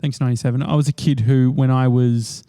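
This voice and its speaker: A man's voice: medium pitch, fairly even intonation, fast, mellow. A man co-hosting a podcast in casual chat, asking short questions and reacting.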